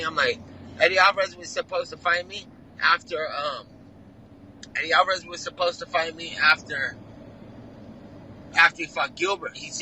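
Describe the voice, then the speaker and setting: A man's voice: fairly high pitch, sharp tone, a little hiss or hum, low-quality recording. A man, a fighter on a remote video call, telling a heated, rambling story full of slang and swearing. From California. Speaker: fighter guest. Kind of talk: casual profane interview talk.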